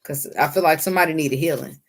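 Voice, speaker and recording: A woman giving a casual tarot reading, blunt, excitable and swearing freely. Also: sits low, fast, a little hiss or hum. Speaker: tarot reader.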